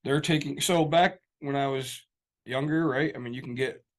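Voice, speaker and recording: A man's voice: medium pitch, normal speed. A man in casual podcast chat, loose and easygoing as he talks. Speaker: podcast co-host.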